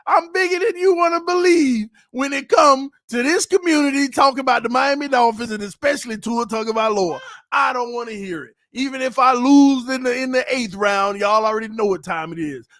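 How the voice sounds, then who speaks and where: A man hosting a casual live stream, talking loud and playful with lots of trash talk. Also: very high-pitched, animated, a little fast, dry recording, clean studio sound. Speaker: YouTube channel host. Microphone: desk mic, no headphones.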